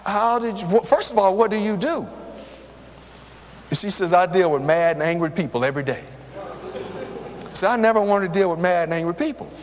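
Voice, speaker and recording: A man's voice: high-pitched, a little hiss or hum. An older man preaching a sermon, telling personal stories and talking straight to the congregation. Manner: lively, conversational, talks straight to the crowd. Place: church hall. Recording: long hall reverb.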